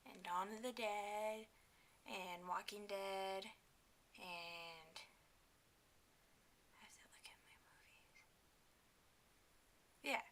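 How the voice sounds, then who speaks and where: A young woman talking casually to her camera at home, chatty and enthusiastic, with many fillers and quick asides. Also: mid-range voice, pushed and bright, a little hiss or hum. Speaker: vlogger.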